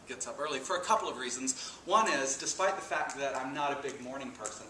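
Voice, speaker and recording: A man giving an introductory philosophy lecture, telling a personal story with lively, animated emphasis. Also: medium pitch, far from the mic, noisy background. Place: lecture room. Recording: echoey room, speaker off-mic.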